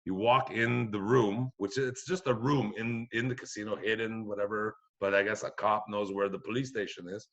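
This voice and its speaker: Bright-voiced man telling a profane story. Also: on the low side, normal speed, hardly any pauses, lo-fi sound. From Quebec, Canada. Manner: profane, animated, acts out other voices. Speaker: podcast guest comedian. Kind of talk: storytelling anecdote.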